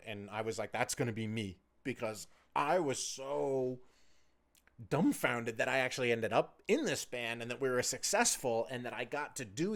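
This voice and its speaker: Profane, rambling man. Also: mid-range voice. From United States. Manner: loose, profane, chatty storytelling. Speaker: podcast host. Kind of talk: rambling solo podcast storytelling.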